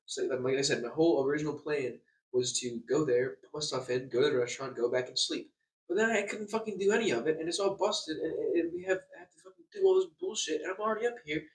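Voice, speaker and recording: A man's voice: a little high, fast. A young man in a hotel room telling an angry storytime rant, stammering, repeating words and swearing a lot. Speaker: vlogger. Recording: echoey room, distant mic.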